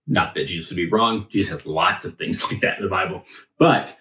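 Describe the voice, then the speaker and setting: A man's voice: sits low, brisk, pushed and bright, reverberant, rough recording. A man giving a casual, conversational sermon in a church, thinking aloud with many filler words. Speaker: preacher. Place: church sanctuary.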